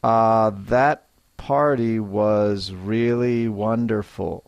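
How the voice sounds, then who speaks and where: A man teaching English in a scripted lesson, speaking clearly and acting out example sentences to show intonation. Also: mid-range voice, very animated, slow pace, no echo. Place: Japan.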